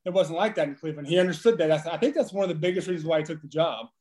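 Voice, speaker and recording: A man in his thirties, a former ballplayer, telling profane, animated stories in casual chat. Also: fairly high pitch, rapid-fire. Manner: profane, animated storyteller with laughs. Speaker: former baseball player, podcast guest.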